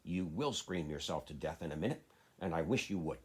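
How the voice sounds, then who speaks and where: A man voicing a furious, bossy little girl who shouts fierce commands. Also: deep voice, moderate pace, slightly rough. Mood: furious, scolding.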